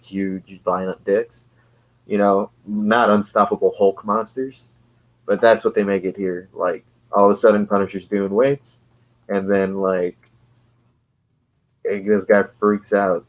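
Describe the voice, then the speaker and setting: A man casually reviewing an old comic book, sarcastic and rambling, laughing often. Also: lowish voice.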